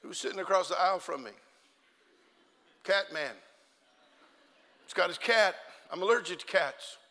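A middle-aged male pastor preaching a sermon, telling humorous stories with animated outbursts to a church congregation. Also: high-pitched, moderate pace, long reverb tail. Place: church sanctuary.

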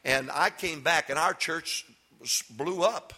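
An older man, a pastor giving a sermon that swings from loud emphatic preaching to folksy storytelling. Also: a little high, takes it slowly. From Texas.

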